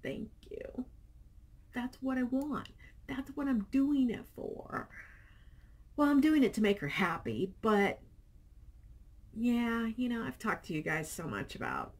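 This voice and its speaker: A middle-aged woman chats to her viewers in a relaxed vlog and reads their comments aloud. Her voice is slightly husky. Her pitch swings freely as she tells her stories with animation. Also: unhurried, long pauses. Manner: chatty, animated storytelling. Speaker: vlogger. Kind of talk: casual chat, reading viewer comments.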